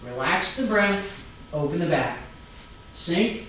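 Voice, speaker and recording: A man teaching a taiji class online, calmly calling out each movement, breath and count step by step. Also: high-pitched. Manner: calm, unhurried step-by-step cueing and counting. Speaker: taiji instructor. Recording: very echoey room, mic far off, faint background noise.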